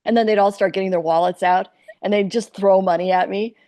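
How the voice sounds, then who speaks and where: Lady guest on a podcast, dark warm voice, acts out all the voices in her stories. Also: mid-range voice, fast talker, no echo. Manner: animated, acts out quoted voices. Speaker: guest, comic actress. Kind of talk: candid storytelling interview.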